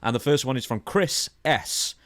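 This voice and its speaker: A British man hosting a podcast, briskly plugging books and reading out listener questions. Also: mid-range voice, lively intonation, fairly bright tone, dry recording, studio quality. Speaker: podcast host.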